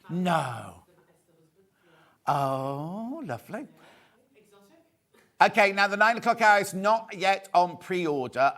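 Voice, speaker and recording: Male live shopping-TV host, fairly high voice, chatty and camp, quick with a joke. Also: a bit bright. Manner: chatty, camp and jokey, reads out viewer messages. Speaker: shopping channel presenter.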